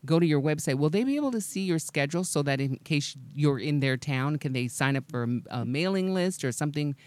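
A woman's voice: sits low, lively intonation, fairly quick, darkish tone, dry recording. A woman with a Canadian accent hosting a radio interview, upbeat and laughing often. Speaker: radio show host.

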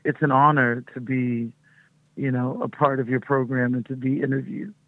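A woman's voice: a bass voice, little pitch movement, normal speed, no echo. Chatty middle-aged woman on a tinny phone line. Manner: chatty, rambling, upbeat, laughs easily. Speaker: touring music artist, guest. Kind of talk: phone interview on radio. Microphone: phone call.

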